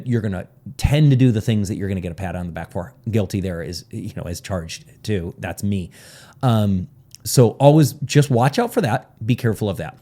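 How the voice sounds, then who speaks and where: Rambling, low-voiced male time coach. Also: mellow. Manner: rambling, with sidebars and frequent "right?" check-ins. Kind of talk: casual teaching talk.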